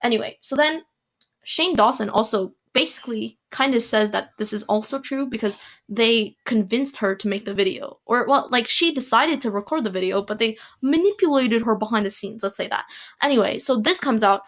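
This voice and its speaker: A woman's voice: fairly high pitch, lively intonation, moderate pace, fairly bright tone. A woman hosting a casual solo podcast, rambling with lots of fillers and restarts and dropping sarcastic asides. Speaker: podcast host.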